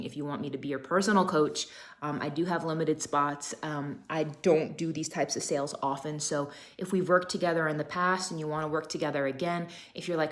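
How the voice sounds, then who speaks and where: A woman's voice: deep voice, a bit bright. A woman fitness coach in her thirties talks straight to her viewers on a live stream. She is emphatic and keeps hammering home short rallying phrases in a motivational tone.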